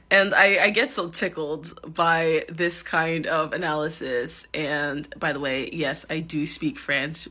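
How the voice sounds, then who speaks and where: Chatty, giggly woman with a bright voice. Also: sits low, fairly even intonation, slow pace. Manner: chatty, giggly, hedging with many ums. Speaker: vlogger reacting to a clip. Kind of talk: casual commentary to camera. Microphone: phone.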